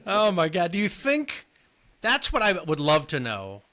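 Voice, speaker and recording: A man's voice: high voice, wildly swooping pitch, a little slow, bright, forceful tone. A man co-hosting a casual movie podcast, enthusiastically prompting his co-host with questions.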